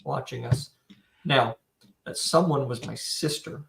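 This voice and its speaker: A man's voice: medium pitch, measured pace, vocal fry, background noise. A man co-hosting a podcast in casual chat, easygoing and teasing his partner. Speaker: podcast co-host.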